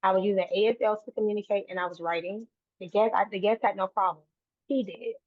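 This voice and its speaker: Brief: woman guest, earnest and rambling, mid-pitched, dry tinny phone-like sound. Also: fairly even intonation, fast, no echo. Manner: earnest, run-on sentences with frequent restarts. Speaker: guest, autism advocate. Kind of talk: conversational interview.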